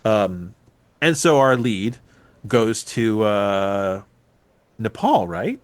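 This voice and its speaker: A man hosting a podcast, casually recapping a movie with lively, profane storytelling. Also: lowish voice, drawn-out words, clear, resonant tone, no echo. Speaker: podcast host.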